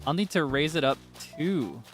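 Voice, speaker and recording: A man's voice: on the high side, animated, moderate pace, faint music behind. A young man chatting casually while streaming a game, theatrical and playfully whiny, laughing often.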